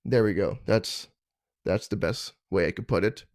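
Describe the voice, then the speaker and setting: A man's voice: on the low side, normal speed, a little mellow, dry recording, clean studio sound. A young adult man from Canada hosting a comedy podcast from his parents' basement, telling stories in a rambling, self-deprecating way and stumbling over his words. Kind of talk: casual comedic storytelling.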